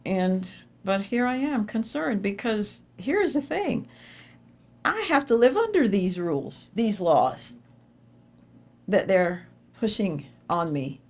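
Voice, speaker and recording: Woman speaking at an awards dinner, storytelling, voice leaps up high then drops, hammers lines home by repeating them. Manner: emphatic storytelling with sudden pitch jumps; repeats phrases for emphasis. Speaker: award honoree giving a speech. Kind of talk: inspirational dinner speech. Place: dinner event hall.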